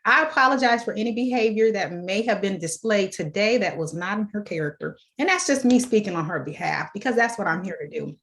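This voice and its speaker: A woman's voice: medium pitch, expressive, fairly quick, hardly any pauses, fairly bright tone. A woman defense attorney pleading formally and politely to a judge on a video call. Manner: polite, deferential, persistent.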